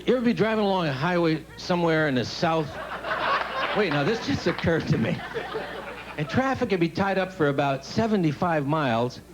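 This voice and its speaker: A man doing a stand-up comedy monologue in a TV studio, telling rambling deadpan stories with asides to the audience. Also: on the high side, background noise. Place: TV studio stage with live audience.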